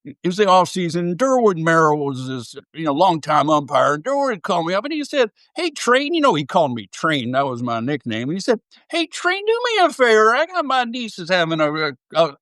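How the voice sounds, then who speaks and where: A man's voice: sits high, no echo, clean studio sound, voice pushed up. A man doing a folksy Southern old ballplayer. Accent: Southern US drawl. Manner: drawling, animated yarn-spinning. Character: retired star pitcher, older man, folksy storyteller. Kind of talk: impression within an interview.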